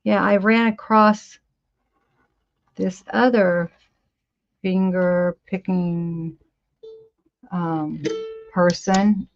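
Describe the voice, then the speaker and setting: Slow, rambling woman over fifty. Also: on the low side, fairly even intonation, faint music behind. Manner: chatty, rambling, easily amused. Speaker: livestream host. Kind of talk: casual livestream chat with viewers. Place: home studio, indoors. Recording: slightly dull lo-fi livestream audio.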